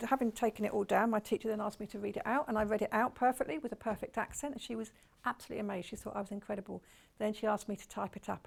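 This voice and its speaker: A woman's voice: medium pitch, vocal fry. A woman presenting on a shopping channel, chatty and enthusiastic, gushing about each fabric. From United Kingdom. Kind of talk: live TV sales presentation.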